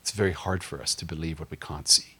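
A man's voice: extremely low pitch, fairly even intonation, fast talker, pushed and bright, husky. A male pastor preaching a sermon in a conversational, humorous way, often asking the congregation questions.

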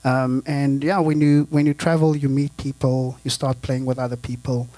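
A man's voice: medium pitch, little pitch movement, normal speed, dark tone, no echo. South african guy telling stories to a church crowd, laughs a lot, trips over his words, dry close mic. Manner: chatty, laughs often, repeats words. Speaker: guest missionary. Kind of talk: casual storytelling to a church audience.

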